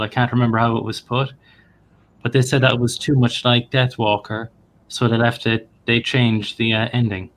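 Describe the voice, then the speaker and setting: A male guest on a review stream, casually sharing trivia with hesitant pauses. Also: mid-range voice, level tone, a bit bright, slight background noise. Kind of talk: casual discussion.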